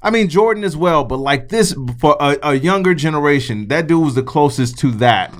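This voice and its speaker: A man with a slightly high voice, talking in a loose, animated podcast chat. He swears freely and tells his stories with plenty of push. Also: normal speed. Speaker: podcast co-host.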